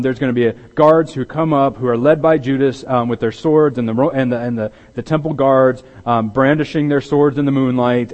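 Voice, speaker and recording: A pastor delivering a conversational sermon, often restarting his sentences and growing animated when he acts out what is said. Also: mid-range voice, dull audio. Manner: conversational with repeated restarts, grows loud and animated in dramatized quotes.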